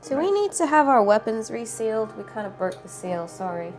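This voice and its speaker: A woman player reacting excitedly in casual tabletop play. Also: fairly high pitch, brisk, faint music behind.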